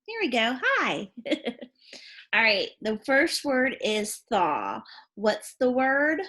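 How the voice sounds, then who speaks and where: Teacher voice: woman, very slow and lively, spells out sounds for kids. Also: on the high side. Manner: slow, clear, sounding out letters and prompting questions. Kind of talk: phonics lesson for young children.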